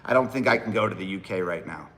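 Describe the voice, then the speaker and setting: A man's voice: low-pitched, fast, fairly bright tone. Blunt, profane man on a livestream. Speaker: livestream host and rapper. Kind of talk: casual livestream chat.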